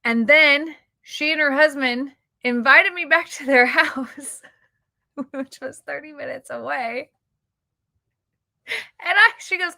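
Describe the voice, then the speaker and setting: A woman's voice: high voice, a little slow, creaky, bright, forceful tone, no echo. A woman telling a personal story in a casual, emotional, chatty vlog style, quoting the people she met. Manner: chatty, emotional, quotes people in her stories. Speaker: YouTuber.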